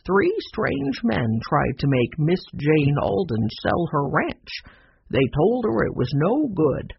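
A narrator voicing a quiet, worried older man who speaks earnestly. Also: medium pitch, very animated, slow, creaky, highs cut off, slight background noise, heavily acted. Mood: concerned.

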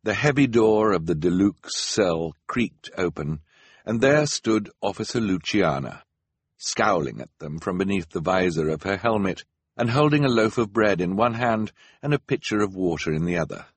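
A man narrating an audiobook in a measured storytelling manner. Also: low-pitched, lively intonation, breathy edge, no room sound.

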